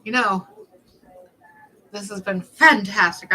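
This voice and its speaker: Young woman streamer, chatty and snarky, bright tone, slightly high voice. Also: a little slow, low-quality recording. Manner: chatty, rambling, snarky storyteller. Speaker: livestreamer. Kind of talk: casual livestream chat.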